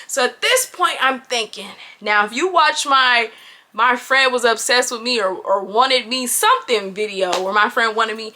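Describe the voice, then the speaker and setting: A woman in her twenties telling a storytime to the camera in animated, chatty, slangy style, recorded indoors on a camera mic. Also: fairly high pitch, moderate pace. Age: 20s. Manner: animated, chatty, talks straight to viewers with slang. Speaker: vlogger. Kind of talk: casual storytime chat.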